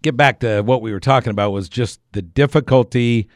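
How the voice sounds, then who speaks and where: A man's voice: mid-range voice, a little fast, dry recording, clean studio sound. A middle-aged man telling a rambling anecdote on the radio, correcting himself and chuckling as he goes. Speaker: storyteller on a radio program. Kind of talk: casual anecdotal storytelling.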